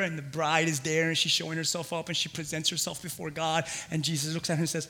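A man preaching a sermon excitedly, swinging from quiet talk to shouting. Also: a little high, fast talker, hardly any pauses, in a large hall. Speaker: pastor.

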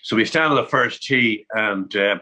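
Irish man, bright forceful voice, chatty panel storyteller who stumbles into his sentences. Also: on the low side, normal speed, rough recording. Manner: chatty, repeats words when starting. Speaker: panel guest. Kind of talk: anecdotal storytelling.

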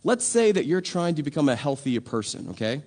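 A man's voice: on the high side, big pitch swings, a little fast, a little mellow. A man preaching a sermon in a conversational, emphatic way, full of rhetorical questions. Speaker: pastor.

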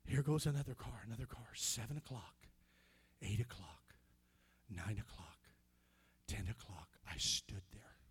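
A male pastor with an American accent telling a personal story in a sermon, dropping to hushed whispers and rising to shouted praise. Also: lowish voice, lively intonation, measured pace, husky.

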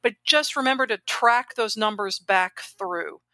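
Chatty bright-voiced woman. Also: mid-range voice, measured pace, dry recording. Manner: animated, chatty, rambling with self-corrections. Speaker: podcast co-host, grant professional. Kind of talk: casual podcast chat.

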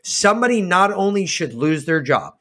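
A man co-hosting a podcast, ranting heatedly with lots of swearing and swinging between loud outbursts and slow emphasis. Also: sits high, big pitch swings. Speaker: podcast co-host. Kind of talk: casual political chat.

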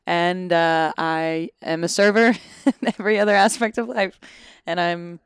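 A woman's voice: on the low side, steady tone, measured pace, clean tone, no echo, clean studio sound. A woman in her twenties, an actor, chatting casually and self-deprecatingly in an interview, full of "like". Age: 20s. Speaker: actor guest. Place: Los Angeles.

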